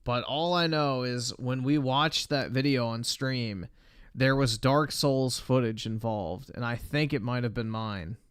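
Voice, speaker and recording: Profane streamer with a smooth, dry voice. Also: male voice, medium pitch, a little slow, fairly bright tone, no echo. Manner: blunt, profane, rambling. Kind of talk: casual reaction commentary.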